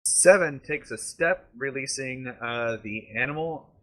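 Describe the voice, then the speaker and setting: A man's voice: medium pitch, unhurried. A man acting as game master, narrating a tabletop combat and thinking aloud between rulings.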